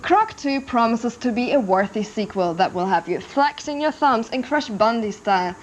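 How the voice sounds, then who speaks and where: A woman's voice: on the high side, lively intonation, moderate pace, faint music behind. Wry woman games show presenter. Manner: wry, teasing. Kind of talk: scripted presenting with jokes. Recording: dull TV audio.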